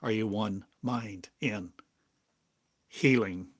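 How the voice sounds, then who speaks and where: Older guy, low husky voice, super slow spiritual musing, long pauses between bits. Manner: drawn-out, halting phrases with long pauses. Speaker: spiritual teacher. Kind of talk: slow meditative spiritual monologue. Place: home in a small town, drinking coffee.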